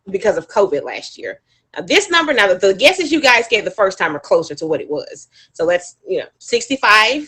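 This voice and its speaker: A woman wedding planner talking to an audience, quizzing them and coaxing their guesses in an animated, chatty way. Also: medium pitch. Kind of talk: audience talk with quiz questions.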